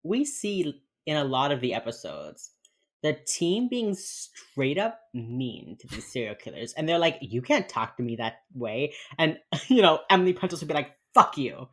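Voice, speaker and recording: Woman, low voice, lively swings in pitch, casual podcast co-host, laughs a lot. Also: normal speed, slight background noise. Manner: laughing, animated, acts out characters in quotes. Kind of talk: casual chat recapping a TV show.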